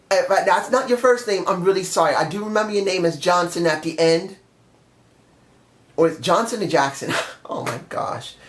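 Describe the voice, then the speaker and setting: A man giving a blunt, rambling wrestling review in a casual vlog, swearing now and then. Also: high voice. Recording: roomy echo.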